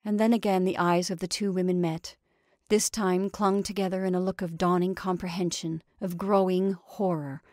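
A woman reading a story aloud in a measured, dramatic way. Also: lowish voice, flat delivery, darkish tone, dry recording, clean studio sound.

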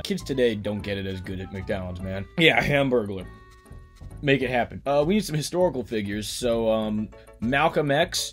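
A man ranting casually for laughs as a video host, rambling with sudden loud outbursts. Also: lowish voice. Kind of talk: casual comedic rant.

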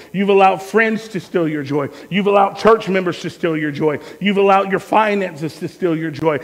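A man preaching a sermon as a pastor, telling stories and swinging from loud to hushed. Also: high-pitched, in a large hall. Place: church sanctuary.

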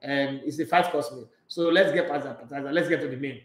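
A man with a Nigerian accent hosting a sports talk show, excitable and laughing, slipping into pidgin. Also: medium pitch, quick pace, reverberant, rough recording. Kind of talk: animated sports talk monologue.

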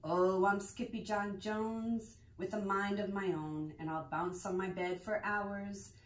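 A woman doing a squeaky, eager kitten hero. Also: fairly even intonation, takes it slowly, close to an everyday voice. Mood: playful. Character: excitable little boy kitten playing a chihuahua. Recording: roomy sound from a distance.

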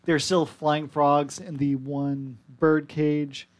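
A man's voice: on the high side, flat delivery, takes it slowly. A man running a tabletop game as game master, describing scenes matter-of-factly. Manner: descriptive, matter-of-fact narration.

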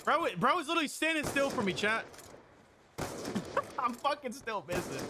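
A young man streaming a shooter game live, talking to his chat in excitable, profane trash talk. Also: very high voice, moderate pace, long pauses, noisy background. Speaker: gaming streamer. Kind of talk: live-stream gameplay commentary.

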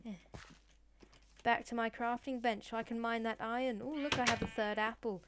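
A woman's voice: on the high side, steady tone. A woman hosting a let's play, chattering randomly and sillily in a put-on voice. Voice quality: deliberately put-on voice. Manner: silly, rambling, random chatter to in-game pets. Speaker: gaming channel host. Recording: noisy recording with clicks.

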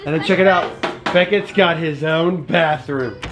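A man and father hosting a casual family home-tour vlog, excitable and full of exclamations as he talks to his kids and viewers. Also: a little high, measured pace. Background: background music.

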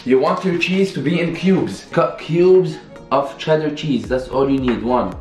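A man's voice: on the high side, measured pace, darkish tone. A young man giving a casual, chatty cooking tutorial in a home kitchen, filmed on a camera someone else holds. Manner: upbeat, chatty, talks while working. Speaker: cooking vlogger. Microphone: camera held by another person. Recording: echoey room with music behind. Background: background music.

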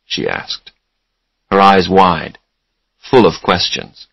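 Slow, low-voiced male storyteller. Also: dry recording, highs cut off. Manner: slow, clear reading. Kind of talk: slow storybook narration for English learners.

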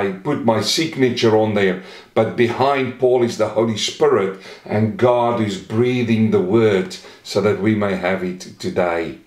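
Male pastor, mid-range voice, earnest sermon delivery with slow stressed readings, echoey room. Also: mid-range voice. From Australia. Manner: earnest, slows and stresses quoted verses.

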